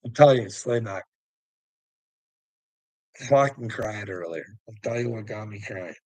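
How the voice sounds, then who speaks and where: A man's voice: on the low side, measured pace, dark tone, dry recording, low-quality recording. A man ranting in a rambling video monologue, agitated and swearing heavily, close to the mic. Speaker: religious video commentator.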